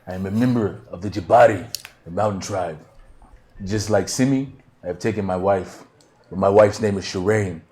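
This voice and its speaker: A man jokes as he introduces his tabletop character. His voice is very deep. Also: normal speed, darkish tone, a little hiss or hum. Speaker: player.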